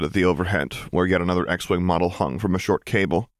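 Here a low-voiced man reads scripted narration for a fan-fiction audiobook. He tells the story in a measured, expressive way, recorded at studio quality without any room sound.

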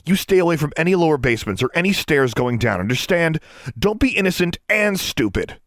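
A man voicing a sharp-tongued teenage witch girl with a curt, snappish way of talking. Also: deep voice, animated, normal speed, husky, no room sound, studio quality, full character voice. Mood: scolding.

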